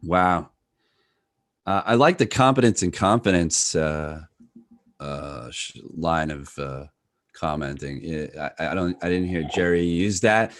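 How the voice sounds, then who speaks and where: Low-voiced casual host. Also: male voice, expressive, a little slow, dry recording. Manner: casual, chatty with fillers. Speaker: host judging cold calls.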